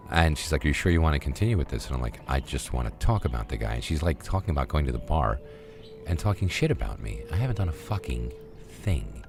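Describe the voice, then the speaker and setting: A man's voice: very deep voice, very animated, brisk, vocal fry, noisy background. A middle-aged man streaming a game, telling a rambling story casually with lots of swearing and fillers. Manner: rambling, profane, full of fillers. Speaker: gaming streamer.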